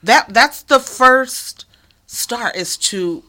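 A woman's voice: fairly high pitch, expressive, very slow, bright, forceful tone. A woman telling a personal story in casual conversation, earnest and emphatic, sometimes dropping to a near whisper.

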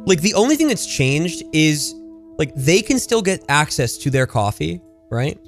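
A man co-hosting a podcast in casual chat, rambling with halting restarts and acting out quoted voices. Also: a little high, big pitch swings, soft background music. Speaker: podcast co-host.

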